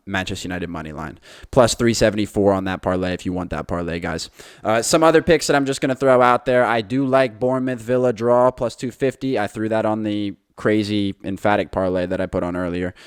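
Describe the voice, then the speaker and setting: Chatty man with a low voice. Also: clear, resonant tone, no echo, clean studio sound. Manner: confident, chatty, addresses listeners as guys. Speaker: podcast host. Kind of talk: casual betting picks monologue.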